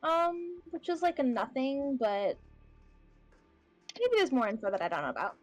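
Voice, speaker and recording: A woman's voice: sits high, big pitch swings, moderate pace, no echo, soft background music. A woman player speaking in character in a tabletop role-playing game, bubbly and upbeat.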